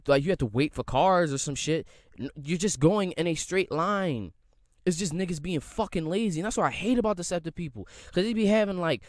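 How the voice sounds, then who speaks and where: A young man hosting a casual solo podcast, ranting in a profane, animated way and mocking people in quoted voices. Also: fairly high pitch, dry recording, studio quality. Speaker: podcast host. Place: home room at a computer.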